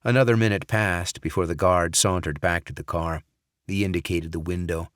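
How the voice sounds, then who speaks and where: Deep-voiced male audiobook narrator. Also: no echo, studio quality. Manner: measured, even storytelling. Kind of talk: scripted narration.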